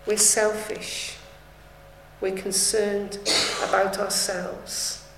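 A woman's voice: mid-range voice, level tone, drawn-out words, background noise. A woman preaching a sermon, earnest and rising to fervent appeals. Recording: echoey room.

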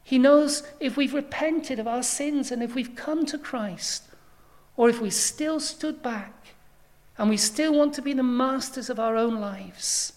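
Slow, earnest woman preaching. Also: high voice, darkish tone. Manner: earnest pleading with sudden rises in intensity. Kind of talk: evangelistic sermon.

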